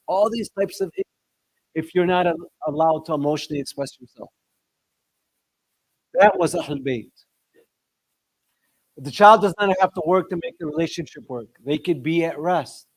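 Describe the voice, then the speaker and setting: Middle-aged male discussion leader, lively, questioning delivery, dry close sound. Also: dry recording. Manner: lively, asks the audience questions, shifts pitch sharply for emphasis. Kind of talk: religious talk to an audience.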